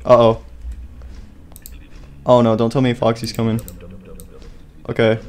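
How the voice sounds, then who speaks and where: A man's voice: medium pitch, monotone, measured pace, a little mellow, slight background noise. A young man casually commenting on his own gameplay, chatty, talking to himself and startled easily. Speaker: gaming YouTuber. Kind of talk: casual let's-play commentary.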